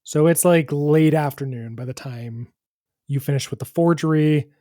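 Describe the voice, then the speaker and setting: A man narrating as dungeon master of a tabletop game, describing scenes in a measured way. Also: a little high, warm tone, no echo, studio quality.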